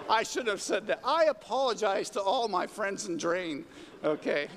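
Brief: middle-aged male pastor, lively and joking, leads call-and-response, slightly high voice, long hall echo. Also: normal speed. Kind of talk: sermon. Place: church hall. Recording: reverberant hall with faint noise.

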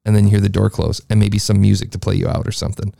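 A man's voice: lowish voice, fairly even intonation, rapid-fire, vocal fry, dark tone, dry recording. A man reviewing a podcast in casual, enthusiastic talk that loops back on itself, through a processed, beefy studio mic. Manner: rambling, enthusiastic, talks in circles. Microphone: processed studio mic, beefy sound.

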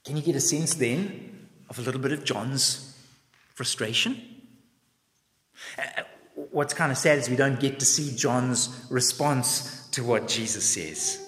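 A man's voice: mid-range voice, measured pace, pauses often. A man preaching a sermon, telling the story expressively and asking reflective questions. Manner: expressive storytelling, acts out voices. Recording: long reverb in a large hall.

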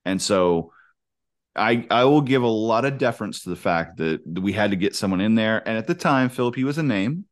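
Low-voiced man, frank film talk. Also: lively intonation, normal speed. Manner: opinionated, frank. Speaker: podcast co-host. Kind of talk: casual film discussion.

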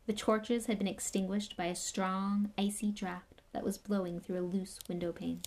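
A woman narrating a storybook with a steady, even reading. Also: medium pitch, moderate pace, a little hiss or hum. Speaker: audiobook reader.

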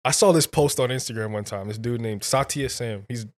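A man with a mid-range voice tells a story on a podcast. He speaks in a slangy, animated way, leaning on casual filler. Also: mid-range voice, a little fast. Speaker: podcast guest. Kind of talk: casual conversation.

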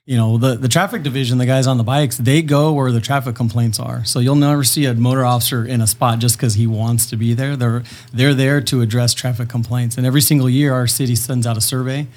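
Measured, explanatory police officer guest. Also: male voice, mid-range voice, steady tone, darkish tone. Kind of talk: interview answers.

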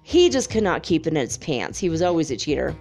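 A woman telling a story in a casual, chatty monologue, laughing often and filling pauses with ums and you-knows. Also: sits low, big pitch swings, a little mellow, faint music behind.

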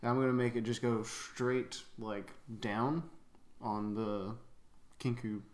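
A man's voice: medium pitch, fairly even intonation, slow pace, a little mellow. A man playing a tabletop game, speaking in a casual, matter-of-fact way. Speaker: player. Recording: echoey room.

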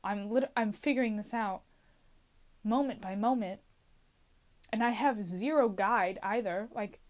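A woman's voice: mid-range voice, measured pace, darkish tone. A woman in her twenties talking anxiously to camera in a casual confessional vlog, rambling and questioning herself from inside a small closet. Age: 20s. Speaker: vlogger.

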